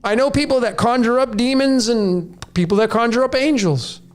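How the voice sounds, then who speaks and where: A man's voice: extremely high pitch, normal speed, soft background music. A man in his late forties hosting a podcast, delivering a raw, preachy rant straight to his listeners. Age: 40s. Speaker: podcast host. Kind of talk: monologue to listeners.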